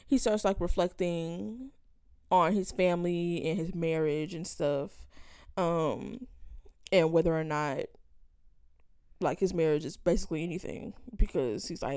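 A woman's voice: on the low side, moderate pace, warm tone, clean tone, dry recording, clean studio sound. A woman co-hosting a podcast, chatting casually about a novel with lots of fillers and acting out the characters' lines. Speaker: podcast co-host. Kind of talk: casual book club chat.

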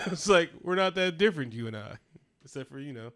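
Smooth-voiced man telling stories with profane humor. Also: a little high, animated, fairly quick, a bit bright. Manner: profane, laughing storyteller. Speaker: podcast co-host. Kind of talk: casual chat.

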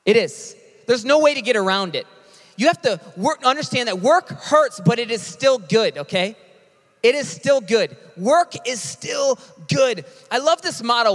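Man, high voice, pastor, energetic emphatic sermon, long hall reverb. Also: normal speed. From United States. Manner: emphatic, energetic, casual preaching.

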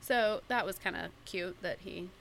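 A woman's voice: fairly low pitch, measured pace, creaky, a bit bright, slight background noise. A woman on a podcast telling a story about a small marital argument, acting out both sides of it in quoted dialogue. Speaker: podcast co-host. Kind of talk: casual chat.

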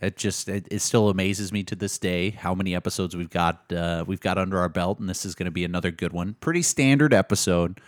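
A man's voice: deep voice, a little fast, few pauses, dry recording, clean studio sound. A man co-hosting a book podcast, chatting casually in a joking, rambling way. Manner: joking, rambling, self-interrupting. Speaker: podcast co-host. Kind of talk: casual chat.

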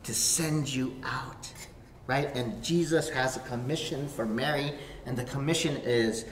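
A man pastor preaching a sermon to a camera, swinging from hushed whispers to sudden shouts. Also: mid-range voice, a little slow. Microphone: facing a camera. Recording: echoey hall, faint room noise.

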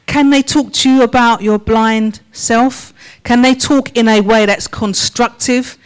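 A woman's voice: fairly high pitch, steady tone, clean tone, poor audio. A woman preaching a sermon in church, asking the congregation a run of questions. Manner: slow, measured questions to the congregation.

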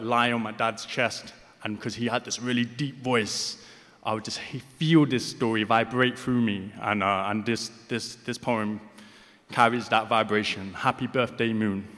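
Deaf guy doing spoken word on stage, kinda slurred, soft halting asides, big echoey hall. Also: medium pitch. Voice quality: deaf speaker, slightly slurred speech. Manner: rhythmic recitation with soft, hesitant asides. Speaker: poet performing. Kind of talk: spoken word poetry performance. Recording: live hall reverb.

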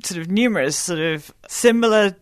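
A woman's voice: mid-range voice, moderate pace, no room sound, studio quality. A woman, a journalist guest on a podcast, explaining things in a thoughtful conversational way.

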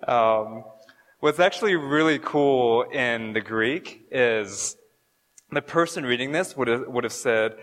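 A man's voice: medium pitch, slow pace, fairly bright tone. A man giving a casual, conversational sermon, joking and stumbling over fillers and restarts as he explains scripture. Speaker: pastor. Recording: long hall reverb.

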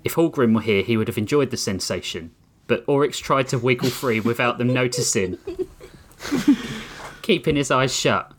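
A man hosting a podcast, reading a story aloud to his co-hosts in an animated way. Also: medium pitch, normal speed, slight background noise. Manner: animated, laughs mid-read. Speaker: podcast host and story reader.

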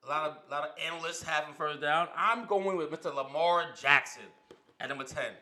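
A man co-hosting a sports podcast, casual and animated, teasing his co-host. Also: fairly high pitch, a little fast.

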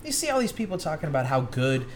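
A man co-hosting a casual podcast chat, animated and swearing, his pitch jumping when he gets excited. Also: fast, a little hiss or hum. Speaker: podcast co-host.

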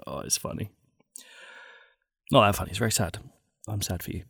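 A man's voice: sits low, a little fast, creaky, a bit bright, husky, dry recording. A man hosting a podcast, reading out listener stories with dry, mock-gloomy asides. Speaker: podcast host.

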